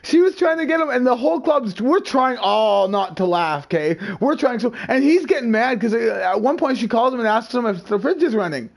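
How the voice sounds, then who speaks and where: A man with a notably high voice spins a rowdy anecdote in loose, casual chat. He swears freely and keeps slipping into the voices of the people he describes. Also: fairly quick, creaky, hardly any pauses. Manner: animated, profane, acts out quoted voices. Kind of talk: casual storytelling while gaming.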